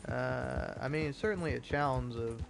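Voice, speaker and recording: A man's voice: mid-range voice, moderate pace, vocal fry. A man giving casual, profane gameplay commentary, ranting in exasperation and laughing at his own jokes. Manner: profane, exasperated rants with mock voices and laughter. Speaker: gaming commentator.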